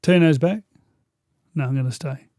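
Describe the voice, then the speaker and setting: A middle-aged man with an Australian accent, talking footy in a relaxed, chatty way with a slightly higher voice. He tells stories with animation, and the sound is close and dry. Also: moderate pace, no room sound. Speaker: former rugby league player, guest co-host. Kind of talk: casual chat.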